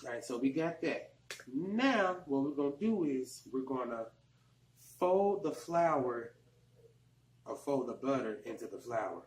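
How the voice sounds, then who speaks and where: Animated and measured in pace, a mid-range-voiced man from Arkansas with a Southern accent chats his way loosely through a home cooking tutorial. Audio quality is poor, with an echoey room and slight background noise.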